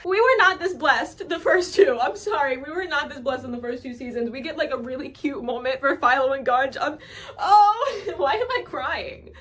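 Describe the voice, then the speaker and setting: A woman's voice: high voice, a little fast, few pauses, fairly bright tone. A woman chatting casually as she breaks down a TV episode, gushing and saying "like" a lot. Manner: gushing, chatty, fills talk with "like". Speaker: show reviewer.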